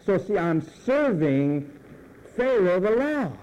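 A man's voice: high voice, sing-song, takes it slowly, a little mellow, rough recording. A male pastor preaching a sermon emphatically, drawing out phrase endings and letting them fall.

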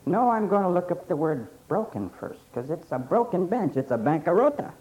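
A man preaching a sermon emphatically, repeating phrases and pausing for effect. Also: high-pitched, big pitch swings, darkish tone. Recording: dull lo-fi sermon recording.

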